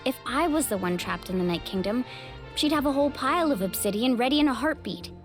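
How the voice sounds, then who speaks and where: An earnest, determined young heroine speaks directly in a game. Her fairly high voice moves lively up and down. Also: fast talker, over music. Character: determined young woman on a rescue.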